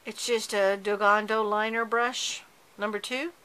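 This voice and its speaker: A woman's voice: medium pitch, steady tone, a little slow, sharp tone, clean tone, low-quality recording. A woman hosting a card-making tutorial, chatting casually and correcting herself as she works with her hands. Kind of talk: casual craft tutorial narration.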